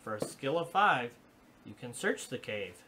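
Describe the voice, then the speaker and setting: Bright-voiced man reading game story aloud. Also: mid-range voice, sing-song, measured pace, slight background noise. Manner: reads story text aloud with dramatic pacing. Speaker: game master reading quest text. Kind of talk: tabletop board game live play.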